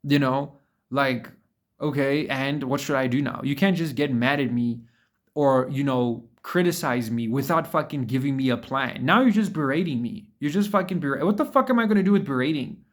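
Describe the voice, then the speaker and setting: A man's voice: medium pitch, moderate pace. A man talking casually to camera in a motivational monologue, blunt and profane, repeating words for emphasis and calling the listener bro and dude. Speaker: vlogger.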